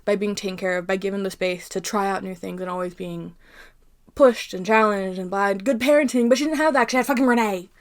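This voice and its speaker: Fairly quick and mid-range in pitch, this young woman from Arizona rants her way through a laid-back book commentary, heated, animated, and swearing a lot.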